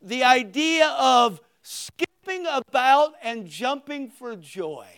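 An older man with a high voice preaching a sermon. He punches key lines loudly and slows down to stress them, then drops into quiet, conversational asides. The delivery is animated and informal, like a pastor talking to his congregation. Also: clean tone.

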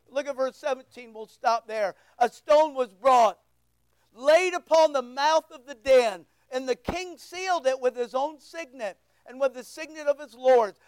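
A preacher giving an impassioned, emphatic sermon that swings between loud outbursts and hushed asides. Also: high-pitched, smooth, dry recording.

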